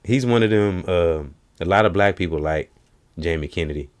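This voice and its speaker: A man with a low, deep voice hosts a relaxed chat. He retells comedy routines and keeps jumping into high put-on voices for the punchlines. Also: moderate pace. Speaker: host. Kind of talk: casual chat.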